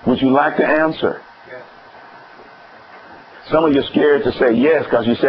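A man preaching a sermon, asking the congregation questions and swinging between high exclamations and low emphatic words. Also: slow pace, long pauses. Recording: dull lo-fi recording with faint noise.

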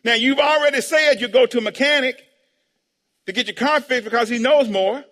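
A man preaching as pastor, drawing amens and answers from the congregation in call-and-response, breaking into sudden shouts. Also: very high-pitched, brisk. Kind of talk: sermon. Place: church sanctuary. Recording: long hall reverb.

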